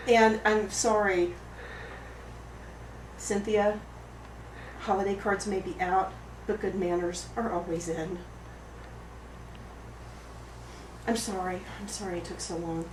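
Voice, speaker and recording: An actress playing an oversensitive, apologetic woman at a support group, rambling through an improvised monologue in a rough, emotionally raw way. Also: mid-range voice, steady tone, measured pace, natural voice. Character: oversensitive, apologetic woman pouring out her woes. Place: roomy studio space. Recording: echoey room, far mic, background noise.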